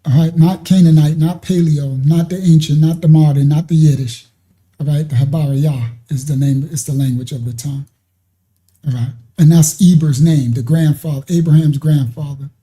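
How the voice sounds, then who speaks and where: Speaking at a moderate pace in a warm, steady, slightly high voice, a man delivers a meandering religious lesson on a live stream. He repeatedly checks in with "you understand?"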